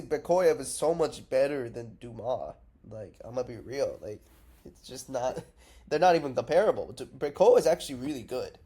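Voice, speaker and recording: This man's voice is mid-pitched and a bit mellow as he offers loose, wandering fight predictions for his MMA vlog. Feeling unwell and groggy on cough syrup, he swears freely and doesn't soften his opinions.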